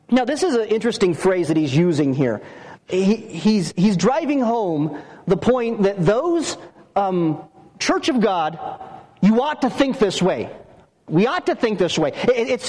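High-voiced man preaching in a reverberant hall. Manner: animated, emphatic preaching with rhetorical questions. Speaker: pastor. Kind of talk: expository sermon.

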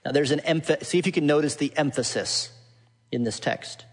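A man preaching a sermon, teaching from Scripture and building to emphatic, forceful points. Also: a little high, moderate pace. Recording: long hall reverb.

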